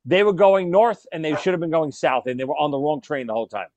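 A man's voice: fairly high pitch, fast talker, dry recording. A man hosting a casual chat, telling stories with laughter and acting out the lines he quotes. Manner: animated storyteller, laughs, acts out quoted lines. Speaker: podcast host.

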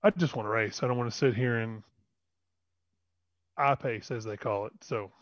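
A man's voice: medium pitch, normal speed, no echo. A man co-hosting a racing podcast, talking in a laid-back way about racing online. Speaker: podcast co-host and sim racer. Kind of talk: casual racing podcast chat. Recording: dull, muffled mic.

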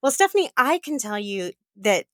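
A woman co-hosting a podcast in casual chat, her voice husky from being sick. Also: medium pitch, normal speed, no room sound, studio quality. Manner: animated, chatty with fillers. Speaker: podcast co-host.

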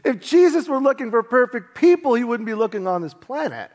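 A male pastor delivers a sermon with a fairly high voice that leaps all over its range. He tells stories with lively energy and acts out the people he quotes. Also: fairly quick. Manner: animated storytelling, acting out quotes.

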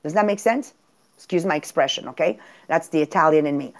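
A woman's voice: low-pitched, brisk. A woman with a Quebec French accent, hosting a podcast and giving an emphatic motivational talk over a video call, repeating her points. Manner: animated, emphatic, repeats herself. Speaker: podcast host.

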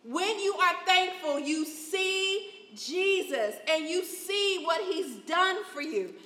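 Woman preacher, high bright voice, emotional testimony, recorded in a reverberant hall. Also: lively intonation, slow. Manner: emotional testimony, swells loud and high at key points. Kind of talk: sermon. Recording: echoey hall.

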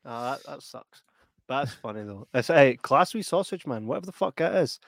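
A man's voice: mid-range voice, brisk, gravelly, dry recording, studio quality. A Scottish man in his thirties co-hosting a podcast, telling stories in casual chat, swearing and laughing often. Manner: sweary, laughing, animated storytelling. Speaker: podcast co-host.

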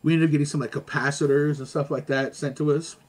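A man telling stories in casual chat as a guest, animated and slangy, laughing along. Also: on the high side, fast talker.

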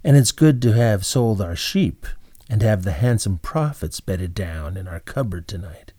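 A man's voice: fairly low pitch, animated, a little slow, mellow, husky, no echo, studio quality. A man voicing the innkeeper's cheerful, confident young son.

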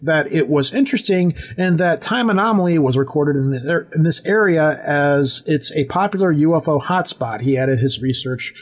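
A man's voice: a little high, moderate pace, few pauses. Rambling male podcast host. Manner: rambling, self-correcting, teasing. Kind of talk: casual podcast chat.

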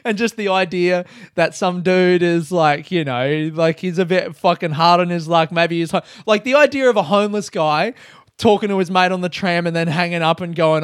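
A man's voice: high voice, moderate pace, clean tone, dry recording, studio quality. A man with an Australian accent hosting a solo podcast, telling rambling stories in casual chat full of swearing. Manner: rambling, heavy swearing, animated storytelling.

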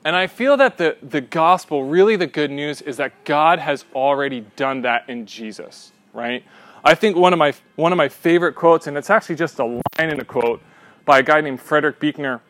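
A young man leads a class discussion in a slightly high voice. He is animated and often checks in with "right?" His voice is recorded close and dry. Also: normal speed, dry recording. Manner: restarts mid-sentence. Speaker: class leader. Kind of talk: teaching discussion.

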